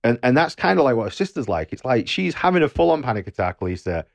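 A man co-hosting a casual film review podcast, animated and swearing, acting out lines from the film. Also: mid-range voice, quick pace, vocal fry, dry recording. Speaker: podcast co-host.

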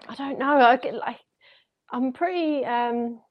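Woman, podcast co-host, giggly relaxed banter, fairly high voice. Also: a little slow, muffled recording. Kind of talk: casual chat.

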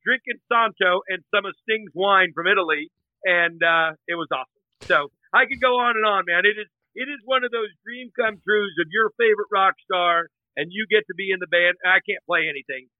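High-voiced animated man on a tinny line. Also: brisk, no room sound. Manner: animated, imitates others' voices in anecdotes. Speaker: guest. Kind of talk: casual storytelling. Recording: tinny phone-line sound.

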